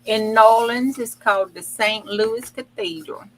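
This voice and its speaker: Woman co-host, slow unhurried delivery, bright tone, chatty and folksy, faint background hiss. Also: fairly high pitch, fairly even intonation, poor audio. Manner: folksy, chatty, stumbles over words. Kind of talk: casual livestream chat reading fun facts.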